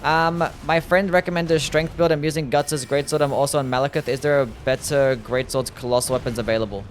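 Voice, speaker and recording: A man's voice: medium pitch, steady tone, brisk. Chill guy live streaming a game, chatting to chat, laughs a lot, faint music behind. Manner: laid-back, chatty, laughs easily.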